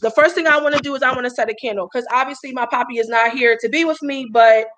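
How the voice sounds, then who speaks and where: Young female livestream host, fairly high voice, chatty and spiritual, faint background noise. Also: a bit bright, low-quality recording. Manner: chatty, spiritual, gets emotional with sighs and pauses. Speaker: livestream host, herbal brand founder. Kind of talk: casual livestream talk.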